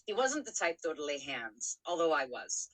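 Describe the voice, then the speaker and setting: Low, bright-voiced woman telling it straight. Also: big pitch swings, moderate pace, poor audio. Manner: frank, swears freely, many fillers and restarts. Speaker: podcast co-host. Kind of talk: candid personal storytelling.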